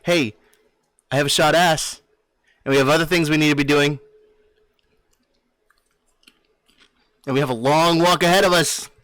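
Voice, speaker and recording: A man voicing a pompous young monster hunter in a tabletop game, talking loud and formal. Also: a little high, takes it slowly, no room sound.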